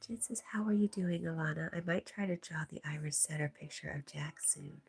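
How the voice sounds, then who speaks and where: Low husky woman reading chat softly. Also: brisk. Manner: reads viewer comments aloud, often softly whispered. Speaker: livestream host reading chat. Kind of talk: casual livestream chat.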